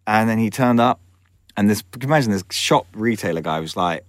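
A man, a film director, telling frank, animated anecdotes in an interview and acting out other people's voices. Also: lowish voice, brisk, no room sound, studio quality. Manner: lively storyteller who acts out the voices of others; frank, with swearing and self-corrections.

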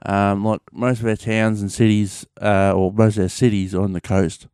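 Rambling Australian man, low and smooth. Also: level tone, normal speed, a little mellow, dry recording, clean studio sound. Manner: rambling, many fillers and restarts, mild swearing. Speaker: podcast host. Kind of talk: casual solo chat.

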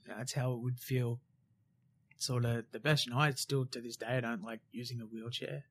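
A man's voice: mid-range voice, fairly even intonation, fairly quick. A man in his late twenties or thirties, a former commando, telling his story frankly with lots of fillers and the odd swear word. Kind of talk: casual storytelling interview.

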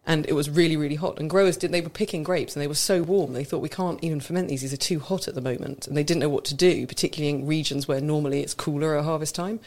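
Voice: mid-range voice, fairly even intonation, fast, hardly any pauses. A co-host who explains wine knowledgeably in casual radio chat. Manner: knowledgeable, explanatory, warmly enthusiastic.

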